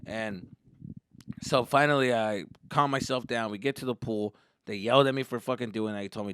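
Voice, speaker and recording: A young man telling a comic story as a podcast host, profane and animated, jumping into voices. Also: on the low side, brisk, clean tone, no room sound, studio quality.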